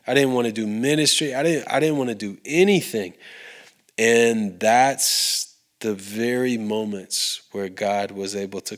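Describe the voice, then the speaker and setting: Male podcast guest, slightly low voice, earnest conversational testimony, halting and sincere. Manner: heartfelt, with frequent restarts and fillers. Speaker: podcast guest, recording artist.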